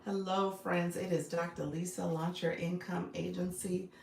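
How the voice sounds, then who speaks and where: Gravelly-voiced woman hosting a chatty livestream. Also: lowish voice, flat delivery, moderate pace, roomy sound, a little hiss or hum. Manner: chatty, greets viewers by name, laughs often. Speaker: live-stream host and business coach. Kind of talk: casual live-stream chat with viewers. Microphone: phone.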